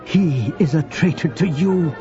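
A man's voice: on the high side, a little slow, pitched above the performer's own voice, close to an everyday voice. A man voicing a defiant mother, fierce but sorrowful, who speaks in a firm, accusing way. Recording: dull lo-fi audio with music.

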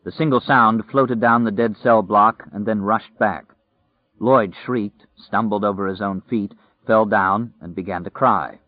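A man narrating a dark story in a measured, tense storytelling voice. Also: lowish voice, steady tone, no room sound. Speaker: audiobook narrator. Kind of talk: dramatic scripted narration. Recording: tinny, phone-like and dry.

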